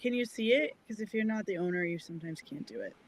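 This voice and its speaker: A woman at middle pitch speaks in a casual online meeting. She is accommodating and keeps offering whatever is easiest for the others. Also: lively intonation, quick pace. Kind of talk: casual video-call meeting. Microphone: video call.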